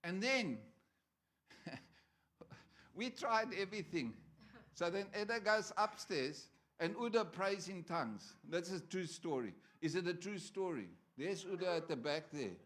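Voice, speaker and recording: High-voiced male preacher, joking. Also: animated, moderate pace, fairly bright tone. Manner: conversational, joking with the congregation. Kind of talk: sermon. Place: church.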